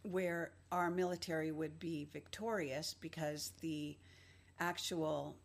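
This is a woman with a low voice talking slowly in a halting, rambling monologue. She fills her pauses with ums and uhs. The sound comes from a played clip. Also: steady tone, vocal fry. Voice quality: halting, slow, many fillers. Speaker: video presenter.

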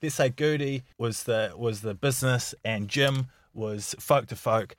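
A man's voice: mid-range voice, unhurried. A man co-hosting a casual podcast, joking with the others and explaining things plainly. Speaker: podcast co-host. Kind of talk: casual chat.

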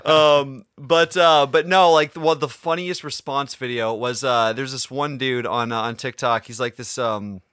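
A man chats eagerly on a podcast, stumbling through fillers and restarts as he talks. His tone is bright and a little tense. The recording is dry and close. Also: mid-range voice, steady tone, measured pace, few pauses, clean tone, no echo. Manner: chatty, hesitant fillers, retells online gossip. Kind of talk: casual chat.

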